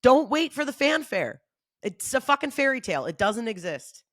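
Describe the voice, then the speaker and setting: A woman's voice: fairly high pitch, very animated, moderate pace, fairly bright tone, dry recording, studio quality. A woman hosting her own podcast, giving off-the-cuff motivational talk in an emphatic, fired-up way, swearing freely and repeating phrases for emphasis. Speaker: podcast host.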